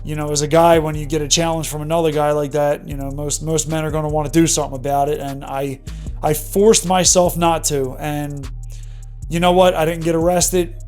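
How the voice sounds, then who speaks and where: A man's voice: a little high, level tone, a little fast, darkish tone, faint music behind. A man in his thirties candidly telling an emotional personal story in a vlog monologue. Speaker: vlogger.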